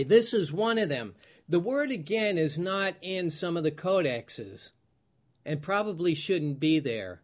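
Slow preacher, slightly high. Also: male voice, expressive. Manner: slow, searching, clears throat, loses place; reads scripture aloud in King James wording. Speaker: pastor. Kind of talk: Bible teaching.

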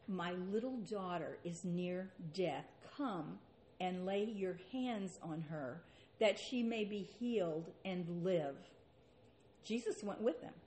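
A woman's voice: medium pitch, a little mellow. A woman preaching a sermon and reading scripture aloud, with an earnest manner and rhetorical questions.

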